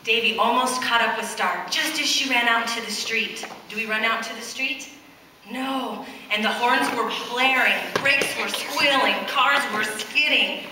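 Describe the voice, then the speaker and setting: A woman reading a picture book aloud to children in a church, pausing to ask them questions. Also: a little high, background noise. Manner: animated, questions the children as she reads. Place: church, large indoor space. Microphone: far camcorder. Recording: echoey church hall from far off.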